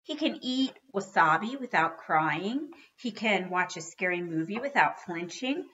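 A woman reading a children's book aloud with expressive storytelling. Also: medium pitch, a little slow, dull audio, slight background noise. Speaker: reader.

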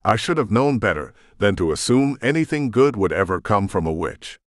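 A man narrating a first-person audiobook in a dramatic, expressive way, close to the microphone. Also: lowish voice, normal speed, no room sound.

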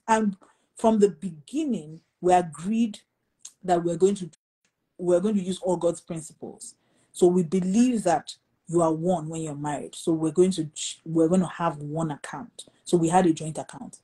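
A middle-aged Nigerian woman pastor telling a lively story in a conversation, acting out what others said. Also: on the low side, normal speed, slightly rough, rough recording. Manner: animated storytelling, acting out quoted voices. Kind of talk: storytelling in a talk show conversation.

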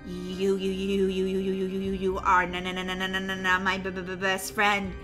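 A woman's voice: medium pitch, monotone, brisk, a bit bright, soft background music, close to an everyday voice. A woman voicing a creepy robot babysitter who stutters on repeated syllables as she glitches. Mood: glitching. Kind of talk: animated game movie voice acting.

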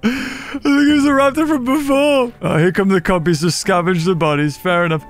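A man giving casual gameplay commentary, excitable and laughing often as he talks to other players. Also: very high-pitched, a little slow, faint music behind. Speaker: gaming channel host.

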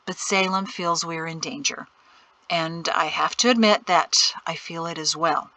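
A woman voicing a stern, worried middle-aged father who keeps his voice low and tense, often close to a whisper. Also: measured pace, pushed and bright, no echo. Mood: weary. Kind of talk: audiobook character reading.

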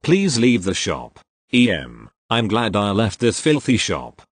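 A man's voice: fairly low pitch, wildly swooping pitch, measured pace, breathy edge, dry recording, heavily acted. A man voicing a rude, defensive entitled mother in a read-aloud story, in an indignant, demanding manner.

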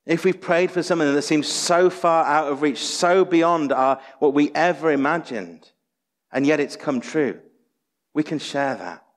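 A pastor preaches a sermon in a church sanctuary, his somewhat high voice at a measured pace. Earnest and exhorting, he fills it with rhetorical questions, and the church hall's long reverb carries it.

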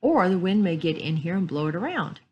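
A woman's voice: lowish voice, sing-song, fairly quick, dull audio, a little hiss or hum. A woman voicing a courteous, eager teenage boy detective. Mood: reasoning.

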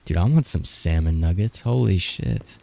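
A man's voice: low-pitched, normal speed, creaky. A young man in his twenties doing casual, frantic gameplay commentary, swearing and joking to himself as he plays. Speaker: gaming streamer.

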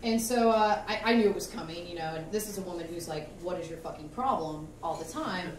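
A woman doing a stand-up set, telling animated, self-mocking stories about her mother on a comedy club stage. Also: on the low side, fast talker, a little hiss or hum. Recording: echoey club from far off, crowd.

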